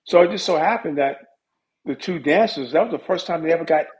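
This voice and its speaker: A middle-aged man, a music industry guest, telling stories in a casual interview with lively asides. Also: a little high, brisk. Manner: animated storyteller with lively asides. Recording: dull lo-fi audio.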